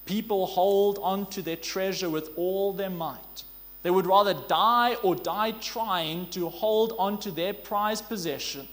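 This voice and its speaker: A man preaching a sermon in an earnest way, asking rhetorical questions and drawing out key words slowly. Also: sits high, fairly bright tone. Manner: earnest, rhetorical questions, slow emphatic stresses. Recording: long hall reverb.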